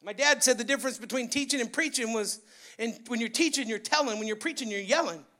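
A man preaching a sermon in a church, excitable and loud, his voice rising into yelling. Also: extremely high pitch, fast. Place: church sanctuary.

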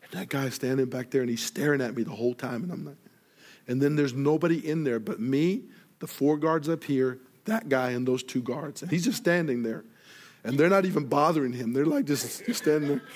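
A man preaching a sermon, telling a story and acting out each person in it, rising loud when excited and falling soft and quiet for earnest points. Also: fairly high pitch. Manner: animated storyteller, acts out dialogue, grows loud in excitement. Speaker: pastor.

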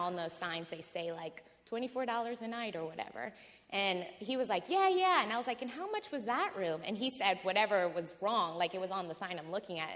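A woman tells a personal anecdote to a live audience in a lively, filler-heavy way, often breaking into laughter. Her voice sits at a middling pitch. It carries the long reverb of a large hall. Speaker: guest storyteller.

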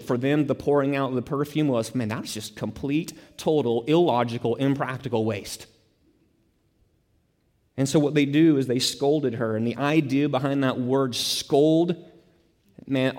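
A man preaching a sermon with emphasis, repeating key phrases and dropping to soft low tones to stress a point. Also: big-room sound. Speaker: pastor.

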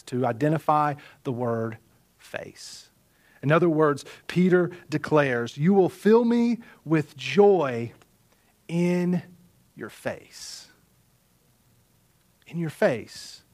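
A male pastor preaching a sermon in an earnest way, repeating phrases for emphasis and sometimes dropping to a near whisper. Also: sits high.

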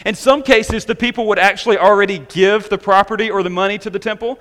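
A man preaching a sermon to his congregation, emphatic and slowing down to stress key words. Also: high voice, fairly even intonation, a bit bright, faint music behind. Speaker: pastor.

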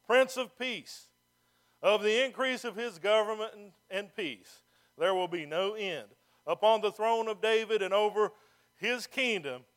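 A man preaching a sermon as pastor, building to emphatic calls and stretching out key phrases. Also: high-pitched.

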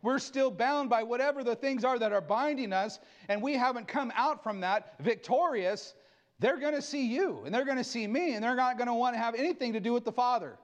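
A middle-aged male pastor preaching a fervent sermon, with sudden drops into quiet asides. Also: very high-pitched, a little fast.

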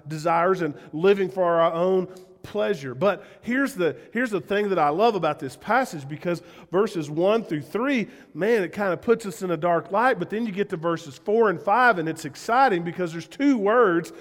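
A pastor with a Southern US accent preaches in a high, light voice, earnest and emphatic. He keeps turning to the congregation with direct questions. His words ring out with a long church-hall reverb. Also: moderate pace. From Southern United States. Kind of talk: conversational sermon.

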